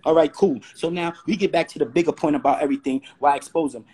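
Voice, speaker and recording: Fast-talking husky New man ranting. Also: fairly high pitch, darkish tone. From Brooklyn, New York. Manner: combative, repeats rhetorical questions. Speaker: host. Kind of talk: heated live-stream rant. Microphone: phone or webcam on a live stream.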